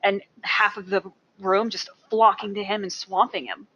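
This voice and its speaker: A woman co-hosts a fan podcast with a mid-pitched voice. She speaks earnestly and repeats words for emphasis, in casual chat. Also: flat delivery, normal speed, pushed and bright, husky, muffled recording. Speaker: podcast co-host.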